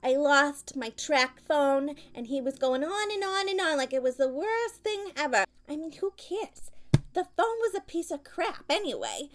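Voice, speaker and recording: A woman's voice: high-pitched, lively intonation, normal speed, a bit bright. A woman playing a nagging, gossipy mom. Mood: gossipy complaining. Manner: rambling, indignant, complaining. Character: opinionated gossipy middle-aged mother on phone. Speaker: mother talking to her grown child. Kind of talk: comedic character monologue.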